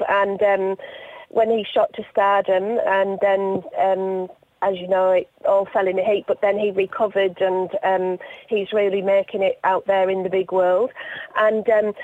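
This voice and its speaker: A woman calling in to a radio show, excited and chatty. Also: mid-range voice, no echo. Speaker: caller. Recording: tinny phone line.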